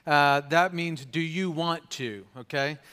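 A man delivers a sermon from the pulpit in a relaxed, conversational way, leaning on fillers and tag questions like "right?". His voice sits a bit higher than most men's. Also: slow pace, clean tone. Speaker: pastor.

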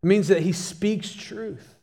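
A man's voice: high voice, takes it slowly, gravelly, warm tone, in a large hall. A male pastor preaching a sermon, emphatic and repeating key phrases for stress.

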